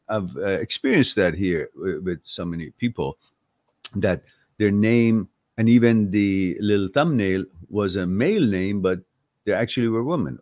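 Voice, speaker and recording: A man with a lowish voice hosts a live-stream Q&A, answering viewer questions in clean studio sound with no echo. Blunt and heated, he fires off rhetorical questions in an animated way and swears when riled.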